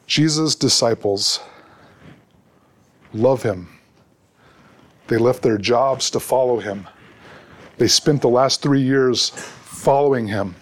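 A man's voice: mid-range voice, slow, long pauses. A middle-aged man preaching a sermon as a pastor, earnest and often repeating words as he restarts.

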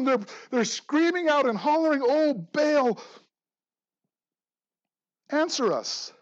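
High-voiced animated preacher, dull recording. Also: male voice. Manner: animated, swings from loud emphasis to quiet asides; jokes and laughs with the congregation. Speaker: pastor. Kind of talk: sermon.

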